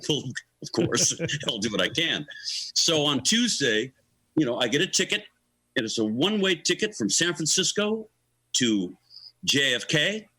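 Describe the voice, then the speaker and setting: This is a middle-aged or older man telling a story in an interview. His voice is bright and very animated, leaping up and down as he acts out the people in the tale. He chuckles as he goes, and the sound is dry and close to the mic. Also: mid-range voice, breathy edge, dry recording, low-quality recording. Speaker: guest musician.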